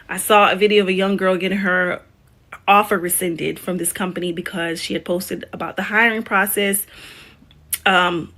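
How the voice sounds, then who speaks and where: A woman in casual commentary, exasperated, with her voice trailing off quietly as she goes on. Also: mid-range voice.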